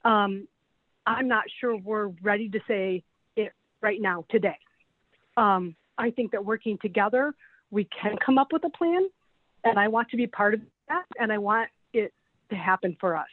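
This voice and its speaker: A middle-aged woman who teaches special education gives an earnest, emotional public comment at a meeting, sounding close to tears. Her voice is medium-pitched at a moderate pace, coming through a dry, tinny call-in line with no echo.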